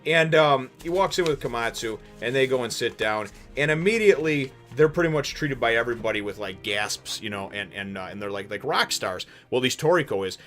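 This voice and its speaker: A man hosting a casual manga chapter review, rambling with many fillers and restarts and sudden animated bursts. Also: mid-range voice, brisk, hardly any pauses, faint music behind.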